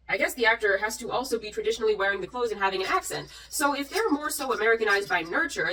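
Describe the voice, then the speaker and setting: Tipsy female vlogger, sarcastic and animated, reads comments aloud, a little off-mic. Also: fairly high pitch, recorded from a distance. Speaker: YouTuber reacting to comments. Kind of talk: casual vlog commentary.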